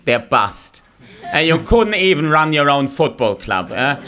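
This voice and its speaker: A man with a German accent delivers dry, mock-superior put-downs in a deadpan stand-up manner. His voice sits a little high and sounds bright and crisp. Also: measured pace. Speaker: comedian guest.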